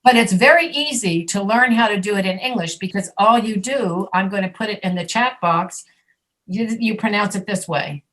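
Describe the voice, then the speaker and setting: A woman teaching an online English pronunciation class, patiently demonstrating sounds slowly and repeating them. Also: medium pitch, fairly bright tone. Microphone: video call.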